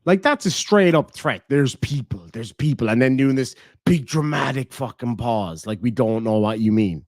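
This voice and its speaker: A man's voice: medium pitch, normal speed, a little mellow, no echo, clean studio sound. A man with an Irish accent giving profane, mocking reaction commentary on a stream.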